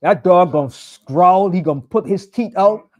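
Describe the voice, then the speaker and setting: Man, high voice, preacher, fiery and conversational, repeats his points for emphasis. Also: moderate pace, muffled recording. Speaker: pastor. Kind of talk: sermon.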